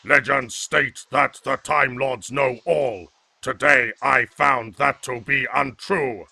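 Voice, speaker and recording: A man's voice: mid-range voice, steady tone, slow, gravelly, bright, forceful tone, dry recording, heavily acted. A man voicing a stern, secretive alien commander who speaks in a guarded, ominous way in an audio drama.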